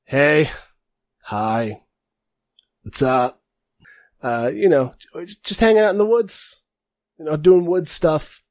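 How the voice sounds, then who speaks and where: A man's voice: on the high side, takes it slowly, pauses often, darkish tone, dry recording, pitched above the performer's own voice. A man voicing a goofy, brash young man who talks in a chummy slacker way. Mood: breezy.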